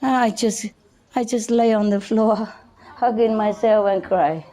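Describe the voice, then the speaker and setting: A woman from Vietnam, a spiritual teacher telling personal stories to an audience in a halting way, with many restarts and soft chuckles. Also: fairly high pitch, fairly even intonation.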